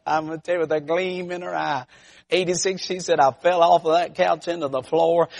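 Folksy preacher man with a high voice. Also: steady tone, moderate pace, gravelly. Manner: swings from loud shouted peaks to hushed low tones; folksy storytelling. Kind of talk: sermon.

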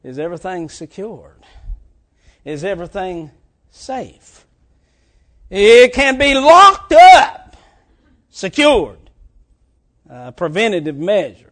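A man preaching a sermon, swinging between shouted lines and quiet, drawn-out ones. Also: sits high, sing-song.

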